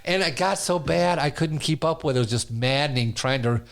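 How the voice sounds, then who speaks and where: Animated male comedian telling stories. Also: fairly high pitch, fairly quick, vocal fry. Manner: animated, laughs through his stories. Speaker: stand-up comedian, interview guest. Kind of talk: casual storytelling.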